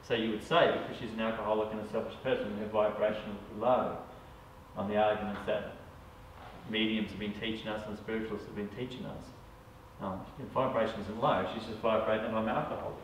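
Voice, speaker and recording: This Australian psychic medium has a lowish voice and a flat, slightly fast delivery as he casually addresses a small group, often checking "all right?". Echo from the room, a far-off mic and slight background noise mark the recording.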